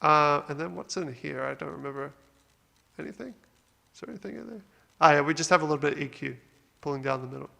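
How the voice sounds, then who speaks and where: A man's voice: on the high side, fast talker, creaky, long pauses, pushed and bright, long reverb tail. A man from Australia hosting a casual music production walkthrough, upbeat and rambling with fillers. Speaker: music producer, channel host.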